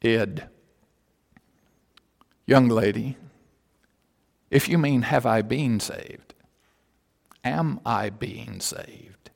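A man voicing a dignified male English bishop, speaking slowly and solemnly in a low voice, recorded in a church. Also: vocal fry, in a large hall, heavily acted.

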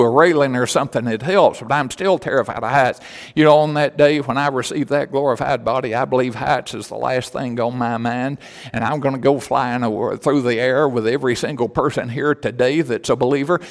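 Emphatic preacher in a ringing church. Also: male voice, mid-range voice, creaky, big-room sound. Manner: storytelling that builds to loud, emphatic preaching with repeated phrases. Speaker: pastor. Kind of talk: sermon.

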